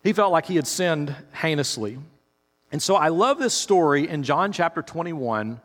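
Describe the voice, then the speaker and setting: A man's voice: fairly high pitch, expressive, moderate pace, fairly bright tone. Storytelling male preacher in a hall. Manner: conversational storytelling, speaks straight to listeners. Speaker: pastor. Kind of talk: sermon. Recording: reverberant hall.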